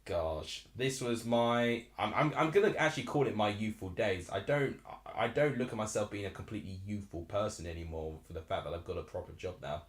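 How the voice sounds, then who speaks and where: This live stream host, a twentysomething from Essex, England, talks fairly quickly with few pauses as he reacts aloud to a football match during a watchalong. His voice is lowish, and the recording is reverberant.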